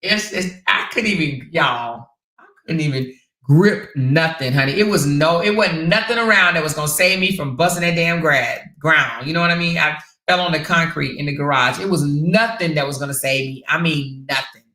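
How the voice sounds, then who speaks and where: A woman hosting a casual livestream, telling stories and reading viewer comments in an animated, sassy way. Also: deep voice, moderate pace. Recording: roomy echo.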